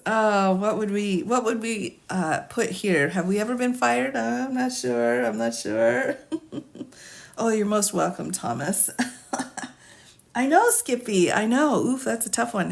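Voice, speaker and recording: Woman lawyer going live, reads form questions out loud then chats about each one, laughs a lot, thinks out loud. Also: mid-range voice, gravelly. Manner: asides, musing and thinking out loud. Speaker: attorney streaming live. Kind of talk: live-stream commentary reading a legal form.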